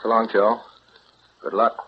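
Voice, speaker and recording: A man's voice: on the low side, little pitch movement, a little slow, highs cut off. An actor in 1930s radio acting, playing a weary, detached man who talks in a cool, blunt way, on a hissy vintage broadcast. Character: weary, detached man done with his lover.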